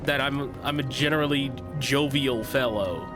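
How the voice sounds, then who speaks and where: A man's voice: medium pitch, moderate pace, over music. A young man streaming a game, chatting casually, joking, swearing and laughing often. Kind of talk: casual livestream chat.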